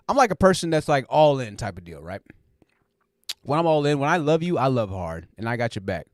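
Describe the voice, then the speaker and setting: Male live-stream host, casual rambling chat, medium pitch, dry recording. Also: very animated, a little fast, dry recording. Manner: joking, rambling, laughs often.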